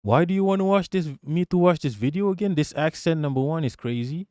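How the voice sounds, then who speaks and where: A man's voice: a little high, lively intonation, fairly quick, mellow, no room sound, clean studio sound. A man live-streaming, reacting to a video and his chat in brash, profane casual talk.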